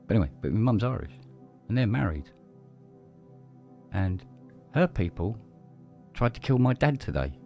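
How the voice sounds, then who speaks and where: A man's voice: mid-range voice, dark tone. A middle-aged man telling a rambling story in casual chat, swearing freely and restarting his sentences. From London, England. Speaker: podcast co-host.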